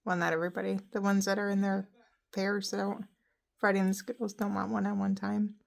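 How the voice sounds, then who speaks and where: A woman's voice: mid-range voice, level tone, a little fast, vocal fry. A woman chatting casually at home with her pet parrots, slipping into sing-song baby talk. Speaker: parrot owner. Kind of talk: casual chat with pet birds. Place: home living room.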